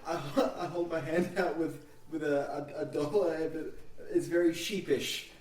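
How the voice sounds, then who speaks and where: A man playing a tabletop game, speaking gently and self-deprecatingly. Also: a little high, steady tone, normal speed. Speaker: player. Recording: roomy, distant mic with noise.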